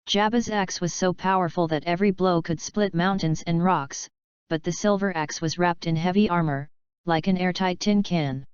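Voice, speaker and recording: Smooth low-voiced woman narrating. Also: normal speed, no room sound. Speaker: audiobook narrator. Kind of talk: scripted narration of an action story. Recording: dry, slightly dull lo-fi sound.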